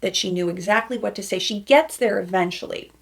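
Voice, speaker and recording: Gravelly-voiced woman hosting TV recap. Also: medium pitch, a little fast. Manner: chatty, warm-hearted, gets choked up. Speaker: host of a reality TV commentary show. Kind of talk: casual commentary to camera.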